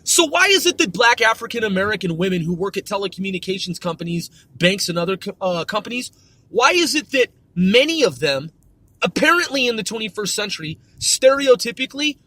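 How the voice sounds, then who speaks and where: A man's voice: high-pitched, very animated, a little fast, bright, forceful tone, no room sound. A man hosting a podcast, delivering a profane, emphatic, stern rant. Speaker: podcast host. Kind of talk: ranting podcast monologue.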